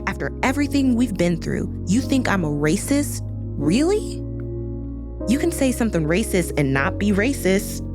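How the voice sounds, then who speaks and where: Woman reading a book aloud, putting on a pushy teen girl who gets defensive fast. The voice is only a little higher than her own. Music plays clearly behind it. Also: sing-song, lightly acted. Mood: indignant. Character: teenage girl, brash and defensive.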